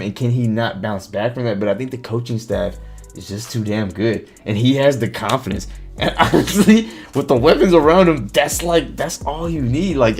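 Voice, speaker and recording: A man hosting a live stream, talking casually about football, swearing freely and reacting to chat comments, with faint music behind him. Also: medium pitch. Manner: animated, swears, reads chat comments aloud.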